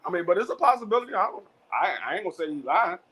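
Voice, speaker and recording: A man's voice: high voice, very animated, racing, fairly bright tone. A man hosting a casual sports talk show, often restarting and repeating words before he gets his point out. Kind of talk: casual chat.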